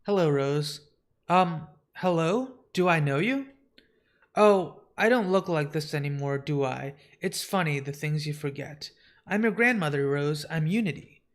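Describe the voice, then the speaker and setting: A man voicing a proud, sharp older grandmother who speaks insistently. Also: on the high side, animated, measured pace. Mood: warm. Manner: haughty, insistent.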